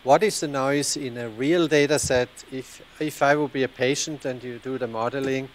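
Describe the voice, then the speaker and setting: A man's voice: medium pitch, steady tone, moderate pace. Man, audience questioner, curious, light hiss. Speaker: audience member asking questions. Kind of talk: questions after a talk.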